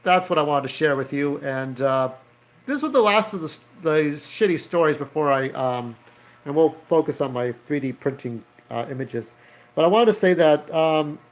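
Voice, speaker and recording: Rambling, profane man in his thirties. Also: fairly high pitch. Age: 30s. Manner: rambling, profane, acts out characters. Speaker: vlogger. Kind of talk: casual storytelling vlog.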